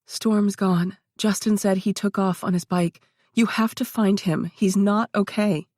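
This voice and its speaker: Woman as panicked heroine, higher, shaky, stammering, dry close. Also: steady tone, a little slow, a little mellow, no echo, natural voice. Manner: raised, shaky, stammering pleading.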